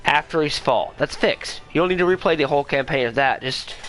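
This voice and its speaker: A man's voice: fairly high pitch, a little fast, a bit bright, faint music behind. A man co-hosting a casual gaming podcast who talks with enthusiasm and laughs often. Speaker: podcast co-host.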